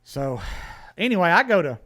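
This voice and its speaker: A man's voice: high-pitched, sing-song, moderate pace, fairly bright tone. A man, a podcast guest telling a story in casual talk, blunt and profane, often restarting his words.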